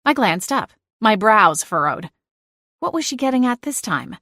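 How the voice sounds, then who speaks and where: A woman narrating a cozy audiobook in the first person, lively and expressive. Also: mid-range voice, a little slow, no echo, clean studio sound.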